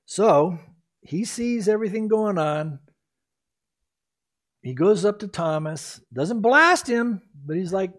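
A pastor preaching a sermon in an earnest, exhorting, emphatic way. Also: male voice, high voice, animated, slow, long pauses.

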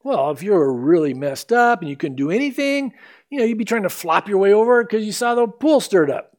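Preacher guy giving a sermon, kinda high voice, super animated, slows way down on scripture. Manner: emphatic preaching, slowing to stress scripture, swinging pitch. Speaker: pastor.

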